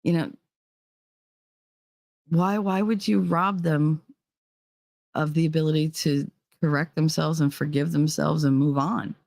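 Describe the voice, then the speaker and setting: A woman's voice: low voice, steady tone, unhurried, gravelly, long pauses, darkish tone, dry recording, clean studio sound. A woman with a New Jersey accent giving a blunt, profane, fiery rant to her viewers. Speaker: vlogger. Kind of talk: ranting monologue.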